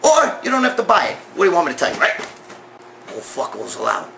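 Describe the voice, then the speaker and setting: A man's voice: high-pitched, wildly swooping pitch, fast, vocal fry, sharp tone, slight background noise. A middle-aged man hosting a show, ranting and telling stories in a brash, profane, blunt way. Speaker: host. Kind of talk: profane monologue rant and storytelling.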